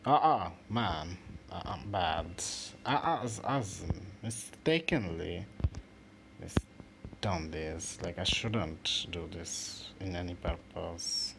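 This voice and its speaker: A man hosting a mobile football game channel, giving casual, excitable commentary with swearing and halting restarts over his own play. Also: deep voice, vocal fry. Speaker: gaming channel host. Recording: noisy home recording.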